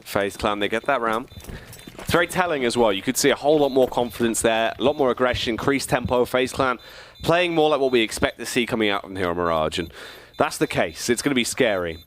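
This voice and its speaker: Male esports commentator, mid-pitched, dramatic build-ups, headset mic, faint game sounds underneath. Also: a bit bright, a little hiss or hum. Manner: dramatic, rising with the action. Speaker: esports caster. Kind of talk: play-by-play commentary.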